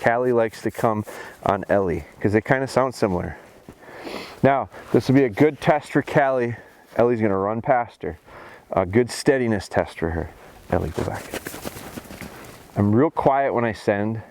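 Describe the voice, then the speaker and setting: A man training his bird dogs in a snowy field, explaining each step between commands. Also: normal speed. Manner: calls dogs in a high excited voice, then explains calmly. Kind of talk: outdoor training commentary.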